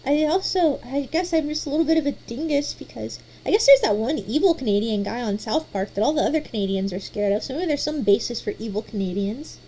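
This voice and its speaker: A woman hosting a casual chat, playful and animated, often stumbling over repeated restarts. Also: sits high, fairly quick, hardly any pauses. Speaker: host.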